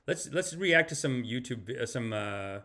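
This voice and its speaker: A man's voice: mid-range voice, animated, a little slow, sharp tone. A man hosting a live-stream podcast, reacting to videos and chat comments in a rambling way with frequent restarts. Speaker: podcast host.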